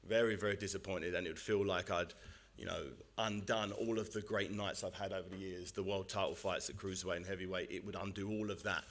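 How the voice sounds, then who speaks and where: A boxer at a press conference who answers questions in a measured, determined and earnest way. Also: male voice, low-pitched, fairly even intonation, fairly bright tone.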